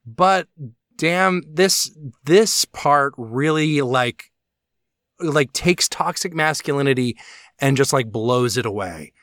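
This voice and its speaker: A podcast co-host talks slowly in a medium-pitched, slightly bright voice with lively intonation. His casual chat is enthusiastic and rambling, full of restarts and fillers. The sound is studio quality with no echo.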